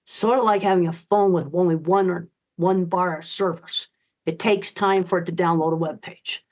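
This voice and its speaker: A woman's voice: fairly low pitch, steady tone, moderate pace, darkish tone. An older woman answering interview questions in a blunt, emphatic, direct way. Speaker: guest author. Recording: dull lo-fi audio.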